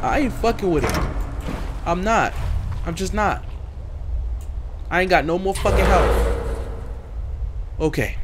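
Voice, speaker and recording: A man hosting a horror game let's play, talking profanely and nervously, yelping and shouting when scared. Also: high-pitched, sing-song, takes it slowly, pauses often, background noise. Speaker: gaming video host.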